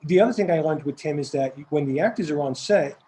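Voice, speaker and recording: An older man with a Staten Island accent, a film director telling rambling, animated stories in an interview, repeating words as he goes. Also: fairly high pitch, quick pace, a little hiss or hum, low-quality recording. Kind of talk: casual storytelling interview.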